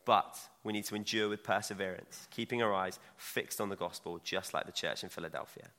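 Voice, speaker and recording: A man's voice: lowish voice, steady tone, a little fast, sharp tone. A young man preaching a sermon in a church, chatty and self-mocking as he talks. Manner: conversational, self-mocking asides. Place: church hall. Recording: long hall reverb.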